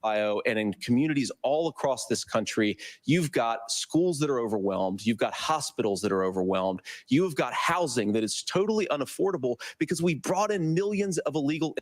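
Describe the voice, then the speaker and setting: A man's voice: mid-range voice, lively intonation, a little fast, few pauses. A man speaking as a senator in a televised debate, making firm, rehearsed points and addressing his opponent directly. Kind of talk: formal debate argument.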